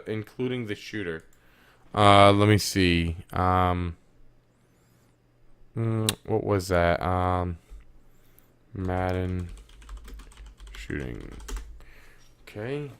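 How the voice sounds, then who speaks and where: Profane, animated man on a podcast. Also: deep voice, slight background noise. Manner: profane, animated, swings from loud outbursts to muttering. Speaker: podcast co-host. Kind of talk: casual chat.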